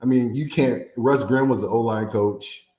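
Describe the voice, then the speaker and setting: A man from the American Midwest telling a story in an interview, animated and laughing often as he acts out quotes. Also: medium pitch, normal speed, slight background noise. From Fort Wayne, Indiana. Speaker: former NFL player, guest. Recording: echoey room.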